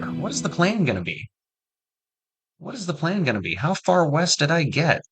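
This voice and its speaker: A man's voice: on the high side, sing-song, moderate pace, rough recording. Chatty man narrating gameplay over music. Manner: chatty, addresses viewers with jokey asides. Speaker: gaming streamer. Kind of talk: casual gameplay commentary. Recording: music playing behind.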